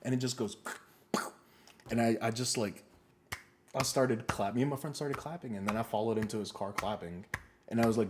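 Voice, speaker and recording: A young man co-hosting a casual podcast, telling animated stories, swearing often and acting out what people said. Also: medium pitch, fairly quick, long pauses, noisy background. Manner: animated storyteller, swears a lot, acts out quotes. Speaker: podcast co-host. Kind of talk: casual storytelling chat.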